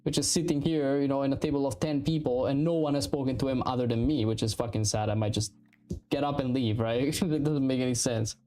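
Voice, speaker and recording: A man in his thirties from Italy with an Italian accent, chatting casually and profanely while streaming game development, rambling and animated. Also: mid-range voice, brisk. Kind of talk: casual livestream chat.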